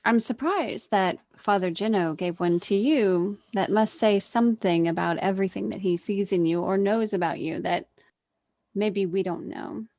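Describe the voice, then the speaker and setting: A woman's voice: medium pitch, normal speed, darkish tone, no echo. A woman playing a tabletop role-playing game, speaking earnestly as her character. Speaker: player.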